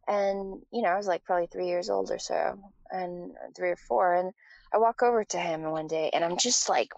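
A woman's voice: fairly low pitch, vocal fry, dull audio, slight background noise. A woman from Taiwan, a guest in a casual interview, telling a personal story with lots of fillers and restarts.

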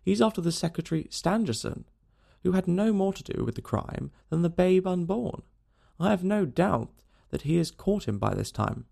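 Guy doing a puffed-up bragging cop, higher and bouncy, real gravelly. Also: normal speed, full character voice. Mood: boastful. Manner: pompous, self-satisfied, excitable. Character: pompous boastful middle-aged male police detective. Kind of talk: audiobook character voice.

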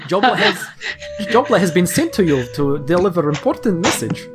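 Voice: medium pitch, lively intonation, a little slow, music in the background, pitched above the performer's own voice, close to an everyday voice. A game master voicing Joblo, a smiling, dapper male prosperity demon merchant with a put-on foreign-sounding accent and broken grammar, who speaks of himself by name, in a tabletop game. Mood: cheery, formal.

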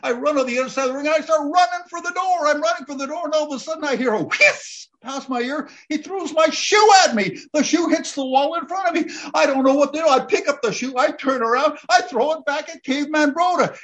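A man telling a lively personal anecdote, building up to excited shouting at its peak. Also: very high voice, normal speed. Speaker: storyteller.

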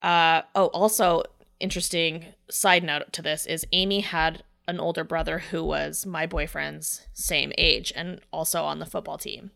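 A woman's voice: sits low, steady tone, a little slow, vocal fry, bright, forceful tone. A woman telling a personal story in casual conversation, chatty, swearing freely and saying "like" a lot. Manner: acts out voices in quoted speech.

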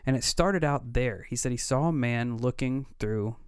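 A man's voice: medium pitch, normal speed, clean tone, no echo, studio quality. Earnest man in his thirties telling stories. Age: 30s. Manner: earnest, vivid retelling with quoted dialogue. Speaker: podcast co-host. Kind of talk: casual storytelling.

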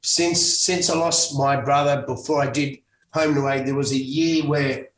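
This middle-aged Australian actor has a mid-range, steady, fairly bright voice at normal speed. Appearing as a guest in a casual interview, he rambles through stories with many restarts and self-corrections; the mic is distant and the room echoes.

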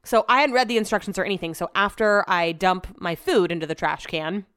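A woman talks straight to her listeners in a loose, rambling storytelling chat, with "like" in every other phrase and the odd curse word. Her voice is smooth and clear. The sound is close and dry, with no room around it. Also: mid-range voice, fairly quick, fairly bright tone, dry recording. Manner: chatty, rambling, heavy use of "like" and swearing. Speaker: podcast host.

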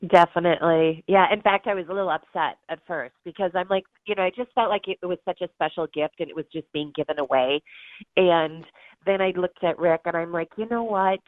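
A woman's voice: lowish voice, fairly even intonation, fairly quick, no room sound. A middle-aged woman, a guest and author, telling an emotional story in an interview, earnest and acting out the voices of others. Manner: earnest, acts out quoted voices, laughs through tears. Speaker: guest, bereaved mother and author. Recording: tinny phone-like line.

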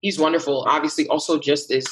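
A woman's voice: sits low, steady tone, quick pace, husky, poor audio. A young adult woman, a voice actor, chatting animatedly in an interview and laughing often. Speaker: voice actor guest. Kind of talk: casual interview chat.

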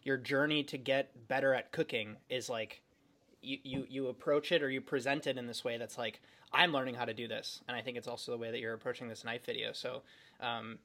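A man's voice: mid-range voice, steady tone, brisk, fairly bright tone. A man hosting a podcast in casual chat, rambling and filling his talk with "like". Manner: rambling, heavy use of "like". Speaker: podcast host.

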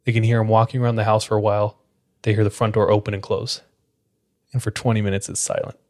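On the low side and fast, this man's voice carries a casual podcast retelling of a spooky story. He keeps reaching for "like" as a filler in his relaxed delivery.

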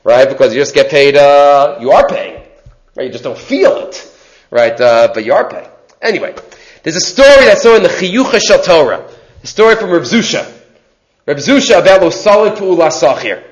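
A man's voice: on the high side, big pitch swings, moderate pace, dull audio. A man teaching a Torah class, mixing in Hebrew terms and often checking in with "right?".

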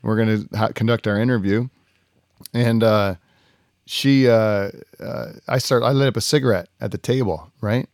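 A man's voice: lowish voice, normal speed, darkish tone, dry recording. Guy podcast host rambling and laughing thru a story, swears a lot, dry sound. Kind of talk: casual storytelling chat.

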